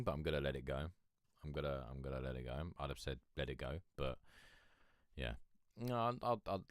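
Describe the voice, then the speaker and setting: A man's voice: rumbling low, fairly bright tone, no room sound, studio quality. A young man with a cold, hosting a music review stream in rambling, profane, chummy casual chat. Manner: rambling, profane, chummy, calls listener mate. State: has a cold. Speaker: music review show host. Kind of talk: casual chat reacting to submitted tracks.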